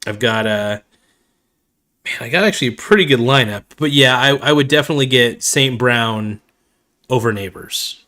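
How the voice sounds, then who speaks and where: Rambling casual man, slightly hoarse. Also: mid-range voice, moderate pace, bright, forceful tone. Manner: rambling, filler-heavy, calls viewers "man" and "guys". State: slightly losing his voice. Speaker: fantasy football video host. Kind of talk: casual live-stream chat.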